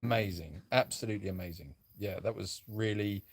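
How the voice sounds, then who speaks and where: A man's voice: lowish voice, fairly quick. A man co-hosting a casual live chat, musing aloud and rambling. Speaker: sanctuary co-host.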